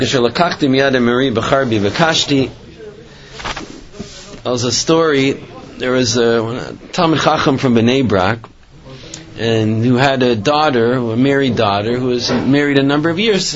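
A man's voice: medium pitch, moderate pace, highs cut off, crowd noise. A man giving a religious storytelling talk, rambling with many restarts and filler phrases. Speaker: religious speaker.

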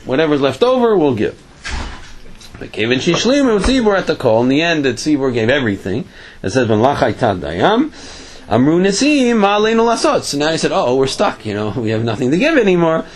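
Animated storytelling man teaching Torah. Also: fairly high pitch, fairly quick, breathy edge, rough recording. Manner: animated storytelling with voiced characters; frequent fillers and restarts. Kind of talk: Torah class with a parable.

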